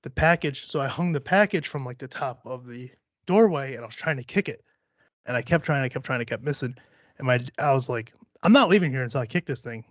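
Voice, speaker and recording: A man hosting a podcast, talking casually in a brash, boastful way with constant swearing. His voice sits at an ordinary middle pitch. The sound is dull and lo-fi, and close and dry with no echo. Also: brisk. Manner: profane, boastful, hyper-competitive. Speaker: podcast host.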